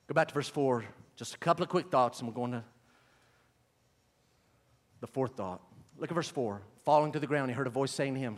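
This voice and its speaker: High-voiced preacher man. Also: brisk, long pauses, big-room sound. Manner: preaching with swings between quiet asides and loud, high emphatic runs. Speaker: pastor. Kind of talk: sermon.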